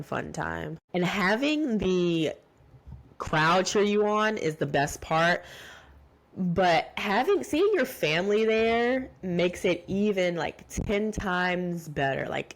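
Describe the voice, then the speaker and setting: A woman hosting a solo podcast, talking casually and warmly with lots of "like"s and restarts. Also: on the low side. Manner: chatty and heartfelt, many "like"s and restarts. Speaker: podcast host.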